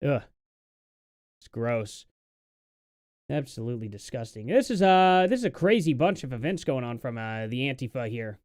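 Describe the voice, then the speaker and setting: A man's voice: medium pitch, big pitch swings, normal speed, long pauses, darkish tone, dry recording, studio quality. A man hosting a live stream, reacting to protest clips with sardonic, mocking commentary and lots of fillers.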